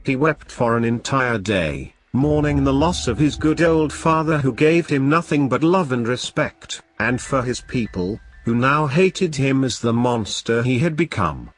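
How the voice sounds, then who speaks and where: A man's voice: mid-range voice, animated. A dramatic male horror-story narrator. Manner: dramatic, measured.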